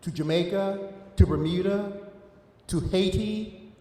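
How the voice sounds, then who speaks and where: A man's voice: high-pitched, slow, mellow. A man with an Eastern Shore of Maryland accent teaching an adult church class, stressing his points with a voice that climbs and drops for emphasis. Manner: emphatic, rising and falling for stress. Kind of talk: adult education lecture. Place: church hall. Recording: echoey hall with long reverb.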